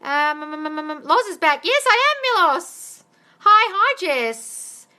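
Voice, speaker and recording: A woman's voice: very high voice, big pitch swings, slow pace, pushed and bright. A woman answering questions on a live stream as a manifestation coach. She is blunt and swears freely, and she calls her listeners darling. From not American.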